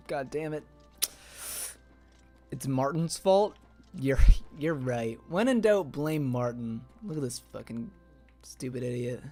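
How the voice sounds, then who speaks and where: A man streaming a game live, chatting to his viewers, swearing often and breaking into sudden loud outbursts. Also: mid-range voice, lively intonation, slow, pauses often, soft background music. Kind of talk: live gameplay stream chat.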